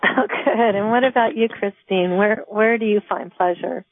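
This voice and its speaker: A woman's voice: medium pitch, moderate pace. A woman host asking questions in an upbeat, playful way. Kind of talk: casual interview. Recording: phone-like dry sound.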